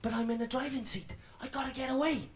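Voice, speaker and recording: A man's voice: very high-pitched, fast talker, a little hiss or hum. An actor playing an edgy young male stand-up comic in his twenties with a Welsh accent, telling a swaggering routine in a radio drama. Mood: defiant. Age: 20s. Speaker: comedian performing a routine.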